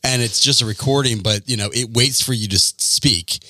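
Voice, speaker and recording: A man's voice: mid-range voice, fairly quick, sharp tone, no room sound. A man co-hosting a podcast in casual banter, explaining things in a laid-back, wry way. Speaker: podcast co-host. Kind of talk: casual crude chat.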